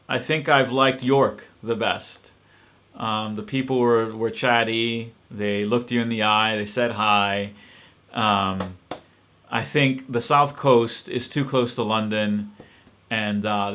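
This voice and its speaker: A man's voice: on the low side, sharp tone. A man hosting a casual live-stream Q&A, answering questions in a hesitant, reflective way with many ums and restarts.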